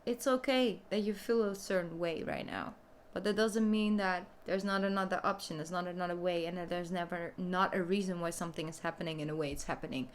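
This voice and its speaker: A woman's voice: on the low side, steady tone, fairly quick, hardly any pauses, a little hiss or hum. A woman giving a casual, chatty tarot reading, talking informally and often saying "you know". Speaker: tarot reader.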